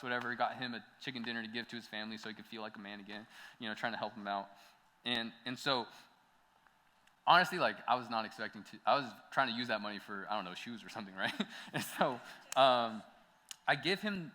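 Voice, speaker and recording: A man's voice: medium pitch, quick pace, bright, forceful tone. A young adult man preaching, telling a personal story in a casual, chatty way, with many "like"s and bursts of laughter. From United States. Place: church hall. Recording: long hall reverb.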